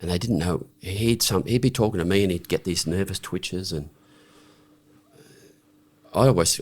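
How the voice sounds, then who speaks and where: A husky, low voice at normal speed, pausing often, belongs to a middle-aged Australian man who's a podcast guest. He tells his story frankly and bluntly in a conversational way, with restarts and a habit of asking "right?".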